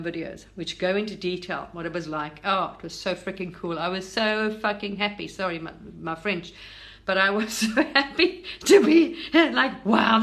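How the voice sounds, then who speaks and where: A woman from Britain, middle-aged, talking about spiritual matters in a loose, eager, rambling way. She restarts sentences often and slips in fillers. Her voice sits in an ordinary middle pitch. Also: fairly bright tone. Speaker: spiritual content creator. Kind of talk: casual spiritual talk.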